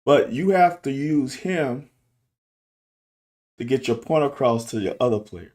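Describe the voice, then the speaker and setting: A man's voice: medium pitch, animated, unhurried, a little mellow. A middle-aged man and football coach talking candidly in a casual monologue, restarting and repeating himself to make his point. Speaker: football coach and show host. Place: car.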